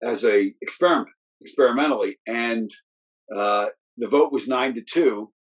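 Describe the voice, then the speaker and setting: A man's voice: mid-range voice, normal speed, rough recording. A middle-aged man, a football coach, chatting casually and telling rambling stories full of restarts and fillers. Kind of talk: casual storytelling chat.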